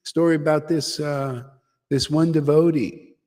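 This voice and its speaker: A man's voice: a little high, fairly even intonation, a little slow, darkish tone, big-room sound. A man giving an informal devotional talk to a gathering, exclamatory and enthusiastic, often breaking into laughter. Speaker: devotional teacher leading a satsang.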